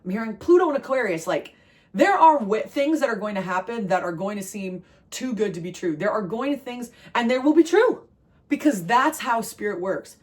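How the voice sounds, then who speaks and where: A woman delivers a channeled tarot reading to her viewers. She is emphatic and repetitive, and her pitch leaps upward in excited bursts before it settles back into earnest reassurance. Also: moderate pace. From New Jersey. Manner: emphatic, repeats phrases, swings high with excitement. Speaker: tarot reader.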